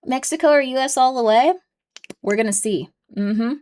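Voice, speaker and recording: At a moderate pace and with a slightly mellow sound, a young woman rambles casually with viewers on her live stream. She's chatty and coos at her cat in a high baby voice.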